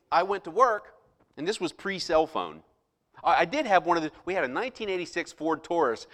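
Man preaching, high voice, animated storytelling, middle-aged pastor. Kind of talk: sermon.

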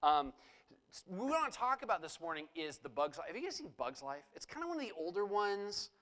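A male pastor speaks to his congregation in a voice on the higher side for a man. His tone is relaxed and conversational, and he often pauses on small fillers as he moves from prayer into announcements and a sermon.

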